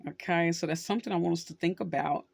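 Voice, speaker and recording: A woman's voice: fairly low pitch, fast, gravelly, darkish tone, no echo. Middle-aged lady host just chatting, retelling a story, dry close sound. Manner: conversational, storytelling with acted quotes. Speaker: social worker and channel host. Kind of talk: casual talk to camera.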